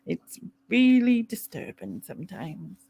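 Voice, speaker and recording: A woman with a Mackem accent hosts a casual live chat stream. She talks loosely and warmly with a co-host, laughing often as she reads out viewer comments. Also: on the low side, big pitch swings, a little slow, gravelly, slightly rough. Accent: Mackem (Sunderland). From North East England.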